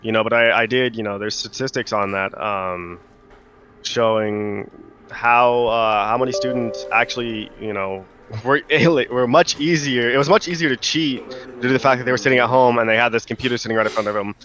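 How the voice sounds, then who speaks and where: A man's voice: medium pitch, fairly quick, fairly bright tone, lo-fi sound. Rambling young man hosting a podcast. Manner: rambling, many fillers and restarts. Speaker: podcast host. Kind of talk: casual podcast chat.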